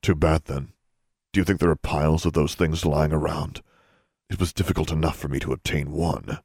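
A man voicing a mocking, menacing young man with a low, growling, derisive manner in an audiobook. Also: fairly even intonation, moderate pace, a little mellow, breathy edge, dry recording, clean studio sound, exaggerated voice. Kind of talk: audiobook character voice.

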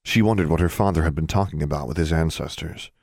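A man with a very low, deep voice narrates a fantasy audiobook. His reading is even and measured, and the recording is close and dry with no room sound. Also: dry recording. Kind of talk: scripted narration.

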